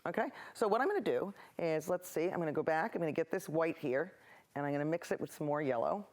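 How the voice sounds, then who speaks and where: A woman's voice: low voice, animated, fast talker, a little mellow. A woman hosting a local TV painting show, chatting in rambling, cheerful tangents as she paints. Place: local access TV studio.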